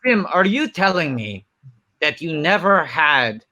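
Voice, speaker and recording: A man's voice: on the high side, big pitch swings, unhurried, sharp tone, exaggerated voice. A man playing a teasing retired filmmaker host. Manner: teasing, jokey. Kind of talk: comedic talk show banter.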